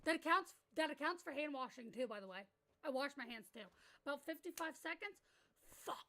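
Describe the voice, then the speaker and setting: High bright-voiced excitable woman streamer. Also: a little fast. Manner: excitable, swears freely, loud outbursts. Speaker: VTuber streamer. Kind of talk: casual live-stream chat.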